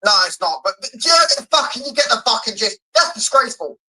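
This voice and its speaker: A man's voice: very high-pitched, very animated, quick pace, bright, forceful tone, breathy edge, poor audio. A man doing a furious, sweary football fan rant after a loss. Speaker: fan reaction creator.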